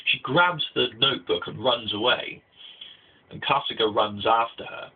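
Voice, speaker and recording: A man's voice: mid-range voice, moderate pace, breathy edge. A young man giving a casual spoken anime review, rambling with restarts and fillers, recorded on tinny phone-like audio.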